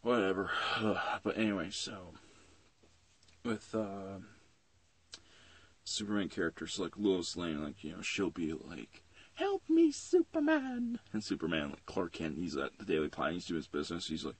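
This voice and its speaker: Low husky young guy rambling. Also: steady tone, moderate pace. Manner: rambling and profane, with many fillers. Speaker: comic book reviewer. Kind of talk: casual rambling review.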